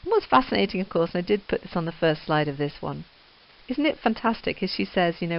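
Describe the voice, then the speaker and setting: A woman's voice: on the low side, expressive, quick pace, gravelly. A woman teaching English literature, reading Middle English verse aloud and explaining it with enthusiastic emphasis. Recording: dull lo-fi recording.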